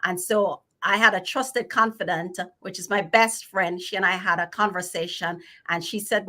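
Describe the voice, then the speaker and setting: Jamaican woman, bright clear tone, middle-aged, friendly storytelling with uhs. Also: on the low side, fairly even intonation, moderate pace, hardly any pauses. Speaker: financial planner guest. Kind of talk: casual livestream chat.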